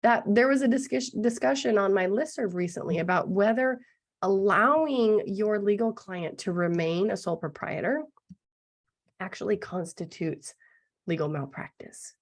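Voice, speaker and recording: A middle-aged woman with a gruff, hoarse voice explaining business legal basics in an online masterclass, often checking in with "right?". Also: medium pitch, normal speed. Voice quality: gravelly. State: gruff, throat-clearing voice. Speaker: business lawyer presenting a masterclass.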